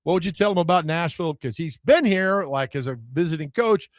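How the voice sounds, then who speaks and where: A man's voice: a little high, animated, fairly quick, no room sound, clean studio sound. A man co-hosting a sports talk radio show, chatting casually and animatedly, joking and slipping into mock voices. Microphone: studio microphone.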